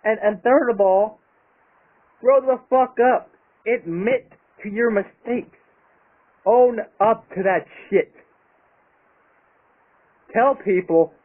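Man, YouTuber, angry profane rant, fairly high voice, phone-like audio. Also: slow pace, pauses often. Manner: angry, profane, emphatic ranting. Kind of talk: ranting vlog monologue. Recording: tinny phone-like sound.

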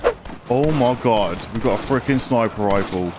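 A young man with a British accent giving rowdy, excitable let's-play commentary in a mock-outraged manner. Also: mid-range voice, normal speed. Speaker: gaming youtuber. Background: game music.

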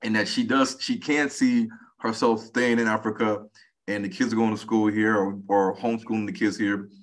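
A lowish male voice at moderate pace comes from a man in his forties from the United States. As a podcast guest in casual conversation, he tells stories energetically, dramatizing the quoted speech.

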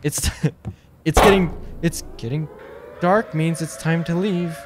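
A man playing a horror game and talking to his viewers. He reads the game text in a hushed voice, then breaks into sudden panicked yelps and nervous jokes. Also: a little high, fairly even intonation, unhurried, heavy background noise. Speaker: gaming streamer.

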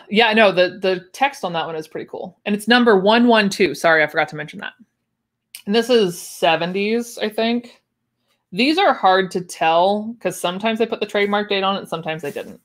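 A woman's voice: mid-range voice, animated, brisk. A young woman chatting casually on a livestream, with wry asides and easy laughs. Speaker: livestream host unboxing sewing patterns. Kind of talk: casual chat.

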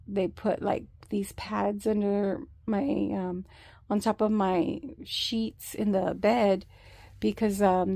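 Slow, gravelly woman vlogger. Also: medium pitch, mellow, dry recording, studio quality. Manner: slow, rambling, with many fillers and restarts. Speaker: vlogger sharing a health update. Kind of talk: casual storytelling to camera.

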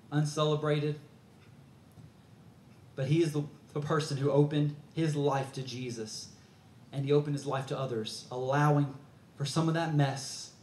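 A man's voice: on the high side, a little mellow, a little hiss or hum. Earnest male preacher in a roomy hall. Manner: earnest conversational storytelling. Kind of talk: sermon.

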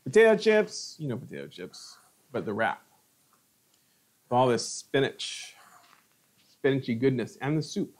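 A man's voice: mid-range voice, lively intonation, unhurried, pauses often. A middle-aged man hosting a live cooking stream, chatting casually and savoring each bite of food between remarks. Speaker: cooking channel host.

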